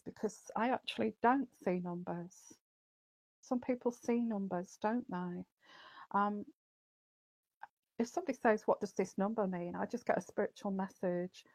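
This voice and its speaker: A woman's voice: medium pitch, fairly even intonation, a little slow, pauses often, darkish tone, no echo. Chatty woman hosting a livestream. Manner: chatty, greets viewers by name, many fillers. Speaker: psychic livestream host. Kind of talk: casual livestream chat.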